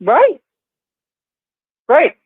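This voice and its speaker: A woman's voice: high-pitched, wildly swooping pitch, drawn-out words. A woman hosting an interview, sympathetic and affirming, calling her guest honey. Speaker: host. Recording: tinny phone-line sound.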